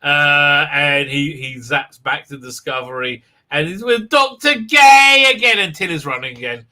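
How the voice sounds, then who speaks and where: Bright high-voiced sarcastic male host. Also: animated, measured pace. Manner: mocking, rambling, many fillers. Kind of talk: sarcastic live show recap.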